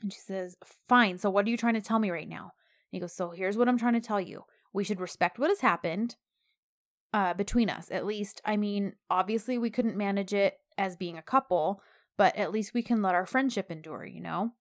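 A woman's voice: medium pitch, normal speed. A woman casually recapping a drama episode with a co-host, acting out the characters' lines with rising emphasis. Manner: animated retelling, acts out the lines with rising emphasis. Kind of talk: casual chat.

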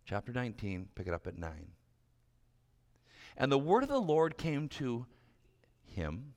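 A male pastor preaching a sermon in a dramatic delivery that swings from loud to hushed whispers. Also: medium pitch, lively intonation, moderate pace, vocal fry, pauses often, big-room sound.

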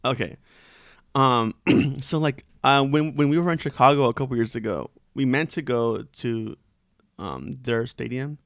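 A man's voice: mid-range voice, measured pace, no echo, studio quality. A man hosting a casual chat, rambling with lots of fillers and restarts. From Southern California.

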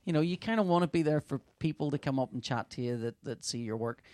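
A man's voice: medium pitch, fast, a little mellow, no echo. A middle-aged man, a comic artist, chatting casually and telling stories animatedly, stammering and laughing often. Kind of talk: casual podcast chat.

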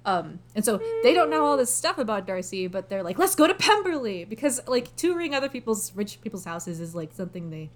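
A woman's voice: mid-range voice, expressive, brisk, hardly any pauses, a little hiss or hum. Chatty young woman retelling a story. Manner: chatty, filler-heavy, acts out characters' lines. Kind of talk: casual chat, retelling a novel's plot.

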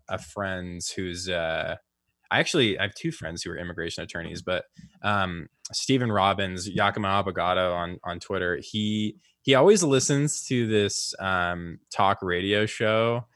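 A man's voice: deep voice, a bit bright, no echo. A man co-hosting a casual political podcast, rambling with many fillers and restarts. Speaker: podcast co-host.

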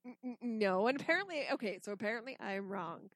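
A woman co-hosting a casual podcast, cutting in with quick teasing remarks and stammered restarts. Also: a little high, animated, no room sound. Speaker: podcast co-host.

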